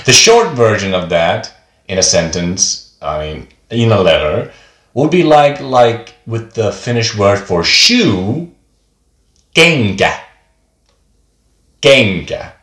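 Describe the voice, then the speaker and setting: A man's voice: lowish voice, lively intonation, slow, fairly bright tone. A man teaching a beginner pronunciation lesson, speaking patiently and repeating each example word twice. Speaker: language teacher. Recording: echoey room.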